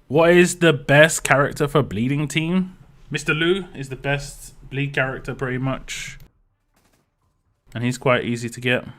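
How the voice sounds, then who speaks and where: A man's voice: mid-range voice, a little slow, fairly bright tone. A man with a British accent talking casually on a game stream, rambling through chat questions with lots of fillers and restarts. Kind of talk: casual live-stream commentary.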